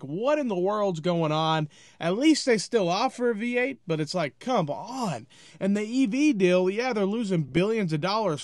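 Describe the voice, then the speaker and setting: Exasperated high-voiced man ranting. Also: no room sound, studio quality. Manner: exasperated, blunt, repeats "it is what it is". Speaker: automotive commentator. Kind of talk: casual opinion rant to camera.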